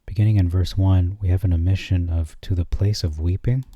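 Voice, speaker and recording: Deep, dark-voiced man commenting on scripture. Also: steady tone, dry recording, highs cut off. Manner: reads verses slowly and deliberately, then comments dryly. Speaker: channel host. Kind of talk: screen-share scripture commentary.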